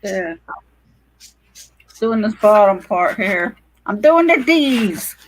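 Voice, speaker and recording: A woman co-hosting a casual livestream chat over a video call, talking in a relaxed, easygoing way. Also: mid-range voice, slow, rough recording.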